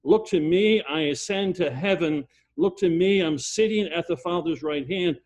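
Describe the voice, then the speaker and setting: Fervent lay preacher , as a man puts him on, pleading and repeating, voice pitched a bit high. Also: moderate pace, a little mellow, dull audio, lightly acted. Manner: urgent, repetitive pleading.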